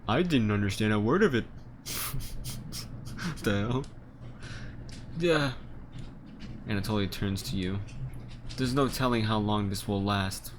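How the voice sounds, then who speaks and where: Young man, let's-play commentary, reads game text, joking, swears, lively pitch, desk mic, faint hiss. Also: moderate pace, pauses often. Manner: loose and joking, swears freely, chuckles between lines. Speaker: gaming video creator. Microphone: desk microphone.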